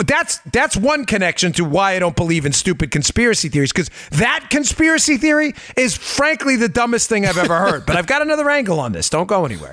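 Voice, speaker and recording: A man's voice: high voice, dry recording. Sarcastic guy hosting a talk show, dry close sound, laughs a lot. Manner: animated, emphatic, sarcastic, laughs often. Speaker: host. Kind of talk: political talk show commentary.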